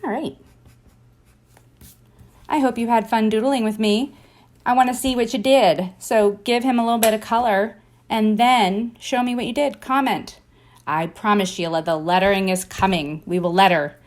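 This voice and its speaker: A woman's voice: fairly high pitch, steady tone, normal speed. A woman leading a casual drawing tutorial, chatting and encouraging as she sketches and thinks aloud. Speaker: drawing teacher.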